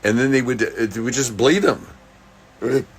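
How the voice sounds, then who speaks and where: A man recording a casual personal video message. He talks in a halting, rambling way with many restarts and slips into dry, dark jokes. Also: mid-range voice, slightly rough. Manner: dry, darkly joking.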